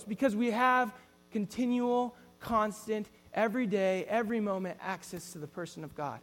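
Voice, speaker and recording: Guy preaching in a church, pretty high voice, earnest, keeps restarting his sentences. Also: normal speed, fairly bright tone, long reverb tail, faint music behind. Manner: earnest, storytelling, frequent restarts. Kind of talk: sermon.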